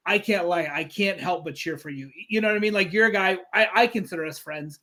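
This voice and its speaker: A man interviewing a fighter in a casual chat, excitable and openly pulling for his guest. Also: high voice, a little fast.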